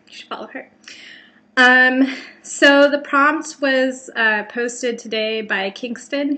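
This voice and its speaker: Young American woman from California, vlogger type: rambly, self-deprecating, filler-heavy, a higher, bright voice. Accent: General American. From California, Bay Area. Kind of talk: casual vlog chat.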